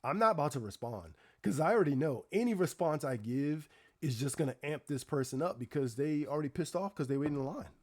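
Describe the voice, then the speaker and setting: A man hosting a live stream, telling a story in casual chat with animated, exasperated rhetorical asides to his viewers. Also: on the high side, a little fast. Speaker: livestream host.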